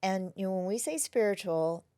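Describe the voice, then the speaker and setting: A woman who is a wellness practitioner, talking gently and reflectively as an interview guest, often dropping to a soft near-whisper. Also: medium pitch, lively intonation, normal speed, clean tone. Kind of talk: casual interview conversation.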